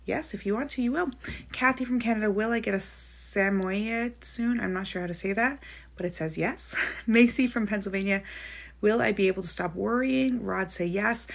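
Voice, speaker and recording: Woman, psychic live-streamer, mid pitch, gravelly, casual, laughs easily. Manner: chatty, quick to laugh, frequent "like"; reads out questions and answers each. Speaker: psychic medium. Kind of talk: live-stream reading of viewer questions.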